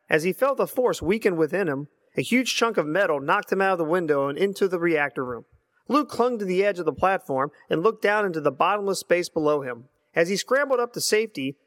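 Earnest man reminiscing, slightly high voice. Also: fairly bright tone. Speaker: listener voicemail. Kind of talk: reminiscing and reading aloud. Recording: long hall reverb.

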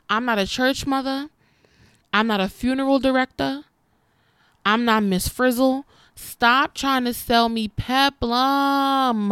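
A woman's voice: mid-range voice, a bit bright, smooth, no room sound, clean studio sound. A woman in her twenties talking straight to her viewers, candid and sassy, calling them honey. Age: 20s. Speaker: vlogger. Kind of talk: casual talk to camera.

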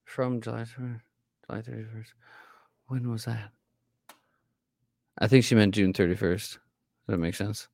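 A man's voice: lowish voice, fairly even intonation, normal speed, creaky, pauses often, no echo, clean studio sound. A man co-hosting a casual political podcast, rambling with many fillers and restarts. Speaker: podcast co-host.

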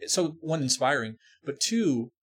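A man's voice: a little high, expressive, a little slow, a bit bright, husky. A man hosting a podcast, chatting casually and speaking earnestly and emphatically. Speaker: podcast host.

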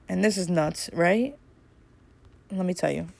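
A woman hosting a casual solo podcast, rambling and chatty with lots of fillers, a little snarky and brisk. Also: on the low side, gravelly, darkish tone. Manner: rambling and chatty, full of "like" and "you know"; brisk, slightly snarky delivery. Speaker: podcast host.

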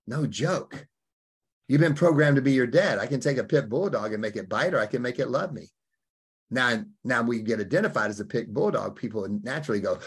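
A husky, middle-pitched man from Alabama gives an emphatic interview answer. He talks in punchy bursts and throws in acted-out quotes. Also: animated, brisk. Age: middle-aged. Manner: emphatic, acts out quoted voices, punchy phrasing. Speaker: podcast guest, life coach. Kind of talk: animated conversational interview answer.

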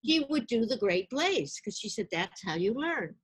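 An older woman, an actress, recounting her past in a storytelling interview, lively and acting out the people she quotes. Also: a little high, moderate pace, breathy edge.

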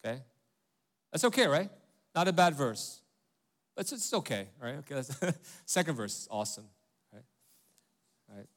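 Animated conversational male pastor preaching. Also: mid-range voice, normal speed, pauses often. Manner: conversational, rhetorical questions with frequent "right?" and "okay?". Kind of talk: sermon.

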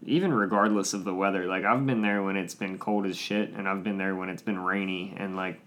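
A man hosting a casual car podcast, relaxed and rambling, swearing freely and trailing off with ums. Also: low-pitched, a little fast. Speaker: podcast host.

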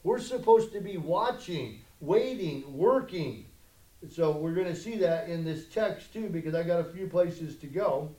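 High-voiced male preacher in an echoey room. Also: lively intonation, unhurried. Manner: conversational preaching that swells into loud emphatic challenges. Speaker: pastor. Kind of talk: sermon.

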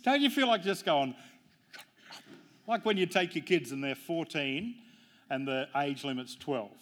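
A man's voice: a little high, lively intonation, measured pace, a bit bright. A man preaching a sermon as pastor, mixing jokes and family stories with emphatic, rising points. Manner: jokey, storytelling preacher with emphatic rises.

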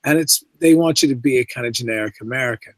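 A man's voice: mid-range voice, quick pace, no room sound, poor audio. Man, middle-aged, Canadian with a faint English inflection, rambling guest chat, restarts often, dry close sound. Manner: rambling, many restarts and asides. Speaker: guest actor. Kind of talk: casual interview chat.

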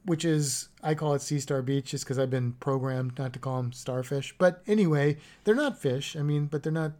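Low-voiced rambling woman chatting. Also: moderate pace, mellow. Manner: rambling, self-correcting, chuckling. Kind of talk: casual chat about travel.

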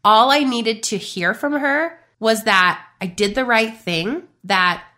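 Lady podcaster in her 30s, bright voice, talks to listeners like friends, emphatic. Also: a little high, takes it slowly. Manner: chatty and emphatic, addresses listeners directly. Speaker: podcast host and business coach. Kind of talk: casual motivational talk.

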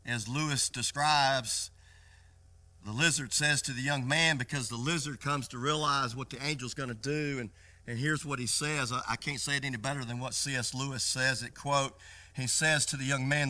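A man's voice: mid-range voice, steady tone, moderate pace, bright, forceful tone. A male pastor preaching a sermon, telling a story emphatically with frequent restarts.

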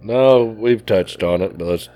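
A man's voice: on the low side, unhurried, warm tone, dry recording, faint music behind. A man co-hosting a casual podcast, talking in a plainspoken, easygoing country way. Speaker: podcast co-host. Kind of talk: casual chat. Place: small indoor shanty.

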